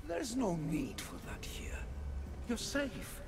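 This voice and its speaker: An actor playing a commanding male sea god in a video game cutscene, with a grand, theatrical delivery that breaks into shouts. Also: sits high, huge pitch swings, slow pace, gravelly, noisy background, exaggerated voice. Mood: soothing.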